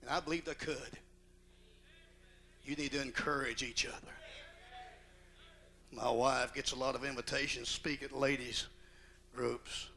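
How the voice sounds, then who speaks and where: Gravelly, forceful old-time preacher man. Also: medium pitch, steady tone, unhurried, pauses often, a little hiss or hum. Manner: folksy, emphatic preaching with rising outbursts. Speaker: pastor. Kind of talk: sermon to pastors and wives. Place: church auditorium.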